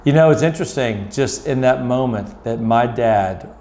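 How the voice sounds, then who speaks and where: A middle-aged man telling a personal story in an earnest, reflective way, with slow deliberate pauses. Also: mid-range voice, darkish tone, a little hiss or hum. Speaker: motivational speaker.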